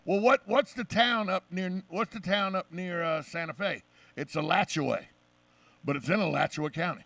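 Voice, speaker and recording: A man hosting a casual radio talk show, an opinionated and animated storyteller. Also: high-pitched, normal speed, no room sound, distant mic.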